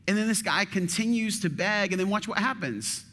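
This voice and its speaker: A man's voice: high-pitched, moderate pace, bright, forceful tone, long reverb tail. A male teaching pastor giving a sermon in a church, reading scripture aloud and asking the room questions, with touches of dry sarcasm. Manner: conversational, asks the room questions.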